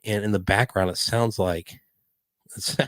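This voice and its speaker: A man's voice: fairly low pitch, fairly even intonation, unhurried, a bit bright, dry recording, studio quality. An older man hosts a live podcast stream, chatting in a rambling, hyper way from home at night. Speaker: podcast host. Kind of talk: live-stream casual chat.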